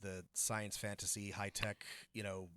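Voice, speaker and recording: A man's voice: fairly low pitch, level tone, a little slow, sharp tone, clean tone, no room sound. A man co-hosting a tabletop gaming podcast, talking in a rambling way with lots of fillers and restarts. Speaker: podcast co-host and game master. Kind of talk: casual podcast chat.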